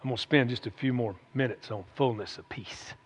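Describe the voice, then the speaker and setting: A man's voice: medium pitch, fairly quick, slightly rough. A man preaching a sermon in a folksy, conversational way, often calling out "amen?" to the congregation. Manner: conversational, folksy, with frequent "amen?" call-outs. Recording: echoey hall, dull lo-fi sound.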